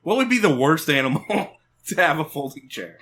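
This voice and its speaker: A man's voice: on the high side, sing-song, normal speed, a bit bright, husky. A young man hosting a podcast, laughing and tossing out absurd hypotheticals with friends. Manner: giggly, asks absurd hypotheticals, swears often. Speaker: podcast host. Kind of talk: casual banter among friends.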